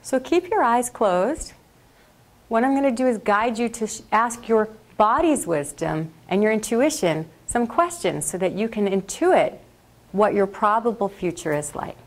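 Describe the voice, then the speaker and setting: Woman leading a group meditation, slow soothing voice, mid pitch. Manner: slow, calm, soothing guidance. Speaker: workshop leader. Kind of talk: guided meditation. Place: classroom or workshop.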